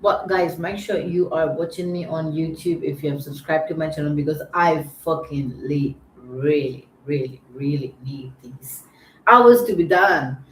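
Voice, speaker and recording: A low-voiced woman chats casually through a livestream and greets viewers one by one with a teasing tone. Her voice comes from an echoey room with faint ambient noise behind it. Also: unhurried. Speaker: livestream host.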